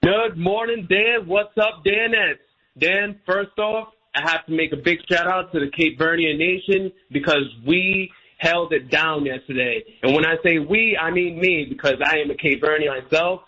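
A man's voice: on the high side, normal speed, bright, forceful tone, lo-fi sound. An American man calling in to a sports radio show, talking in an enthusiastic, talkative way. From United States. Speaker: caller. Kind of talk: call-in radio chat.

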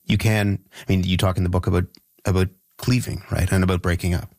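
Deep-voiced male interviewer, dry sound. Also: flat delivery, vocal fry, darkish tone, dry recording. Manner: measured, probing, with repeated words. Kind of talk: interview questions.

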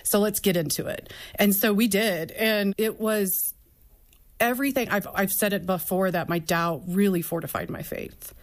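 A woman's voice: medium pitch, steady tone, moderate pace. A woman speaking as a guest, telling her own story of faith and doubt in an earnest, flowing way. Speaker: podcast co-host and author guest. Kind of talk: candid personal faith talk.

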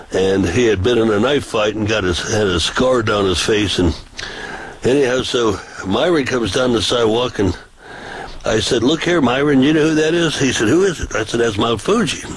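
A man's voice: lowish voice, slight background noise, poor audio. An older man, a street preacher, telling folksy stories in casual chat with many restarts. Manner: folksy, rambling with repeated restarts. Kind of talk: casual storytelling.

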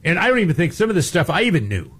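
A man's voice: fairly high pitch, sing-song, racing, a bit bright, husky. A man co-hosting a talk show, giving blunt, emphatic opinions with folksy turns of phrase. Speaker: co-host. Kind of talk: opinionated talk radio chat.

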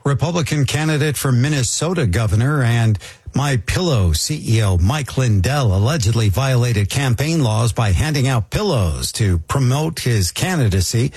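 A male radio newsreader reads the headlines in a brisk, formal way. His voice is a little husky, and the booth sound is dry. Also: medium pitch, darkish tone, dry recording. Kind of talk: scripted news reading.

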